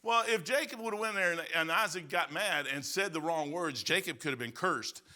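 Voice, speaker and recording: Bright-voiced preacher man in his sixties. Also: a little high, moderate pace. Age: 60s. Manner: emphatic, folksy storytelling with asides. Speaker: pastor. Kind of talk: sermon.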